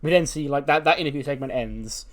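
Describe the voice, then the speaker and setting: A man's voice: fairly high pitch, quick pace. A man hosting a casual let's play, narrating a wrestling booking game in a rambling, chatty way with self-corrections.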